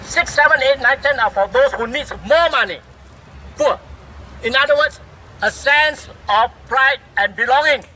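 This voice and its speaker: Heated singaporean guy speechifying outside, really high bright voice, faint traffic noise behind. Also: measured pace, poor audio. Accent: Singaporean English. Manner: fiery, rhetorical, scolding the government. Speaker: speaker at a public rally. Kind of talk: impassioned public speech.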